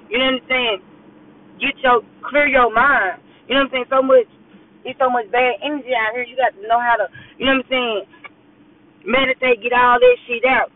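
While driving, a woman podcast host delivers a casual, blunt, profanity-laced pep talk, repeatedly saying "you know what I'm saying." Her voice is fairly high. The thin, tinny sound resembles a phone voice message, with a bit of hiss or hum.

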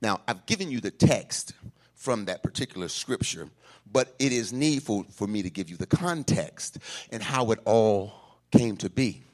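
A male pastor preaching in a church, swinging from shouts to hushed asides and calling for responses. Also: lowish voice, animated, moderate pace. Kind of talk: call-and-response sermon.

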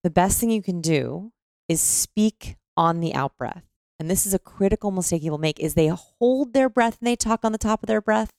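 A woman explaining things conversationally on a podcast, animated and often demonstrating voices mid-sentence. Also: mid-range voice, normal speed, dry recording, studio quality.

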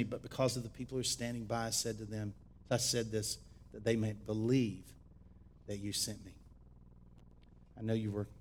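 A man preaching a sermon as pastor, shifting between shouted exhortation and quiet, close teaching. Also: fairly low pitch, a little hiss or hum.

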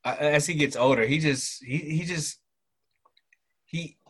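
A man in his thirties from the American South, a military father talking as a guest in a relaxed chat. He talks loosely with lots of fillers and livens up when quoting people. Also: on the high side, measured pace, breathy edge. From Southern United States. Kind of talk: casual conversational storytelling.

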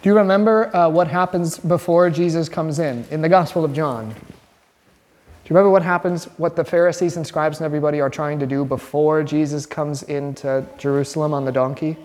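A man, a priest, giving an informal, lively sermon in a church and telling the stories animatedly. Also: on the high side, brisk. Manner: conversational, animated storytelling. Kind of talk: informal sermon and Bible study. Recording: long hall reverb.

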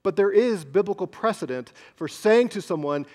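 A man preaching a sermon as pastor, swinging between loud emphasis and hushed, near-whispered asides. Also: sits high, expressive, moderate pace, few pauses.

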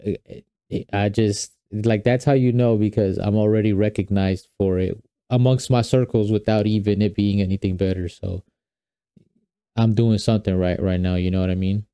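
A man's voice: on the low side, fairly even intonation, normal speed, mellow, clear, resonant tone, no room sound. A young man hosting his own podcast, talking casually and rambling with fillers and restarts. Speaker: podcast host. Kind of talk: casual solo podcast talk.

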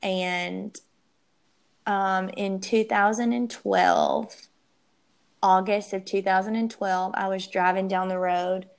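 A young woman telling her personal story as an interview guest, emotional and halting, often restarting her sentences. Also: mid-range voice, fairly even intonation, creaky, smooth.

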